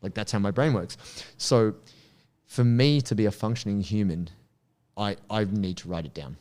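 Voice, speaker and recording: A man, a podcast guest and coach, telling stories in animated casual chat and laughing easily. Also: lowish voice. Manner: animated storyteller, quick to laugh. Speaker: guest, strength and martial arts coach.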